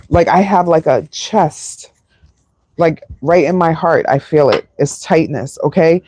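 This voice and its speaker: A woman's voice: deep voice, measured pace, darkish tone, slightly rough. A woman doing a live tarot reading, emotional and sighing, with many fillers. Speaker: tarot reader.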